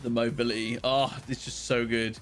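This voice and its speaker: A British man chatting casually with viewers while streaming a game, with excited outbursts at the action. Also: medium pitch, normal speed, music in the background. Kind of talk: casual live-stream chat while playing.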